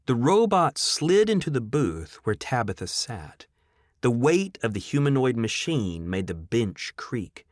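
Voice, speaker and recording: Casting note: male audiobook narrator, mid-pitched, animated and expressive, dry close sound. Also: dry recording. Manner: dramatic, expressive storytelling.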